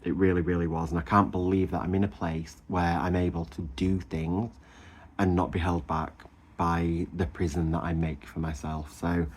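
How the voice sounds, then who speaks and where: Man, 30s, low voice; chatty vlogger gushing about his weekend, lots of ums and laughs. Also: level tone, moderate pace, breathy edge. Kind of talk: casual chatty weight-loss update.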